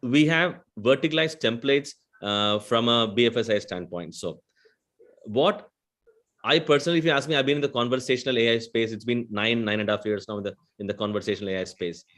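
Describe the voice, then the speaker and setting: A man's voice: mid-range voice, fairly quick, fairly bright tone. A man with a South Indian accent speaking on a panel as a conversational AI vendor, explaining at length and often adding a questioning "right?". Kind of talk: panel discussion.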